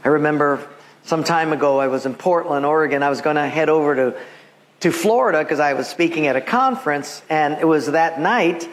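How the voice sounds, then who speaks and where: A male pastor from Hawaii preaching a sermon, telling a story and acting out quotes in an animated voice. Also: fairly high pitch, fairly quick, big-room sound. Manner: animated, acts out quotes with raised voice.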